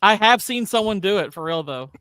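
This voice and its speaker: A man's voice: sits high, lively intonation, brisk, pushed and bright, clean tone, no echo. A man chatting casually about a movie with friends on a call, joking and chatty. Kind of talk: casual group movie chat over a call.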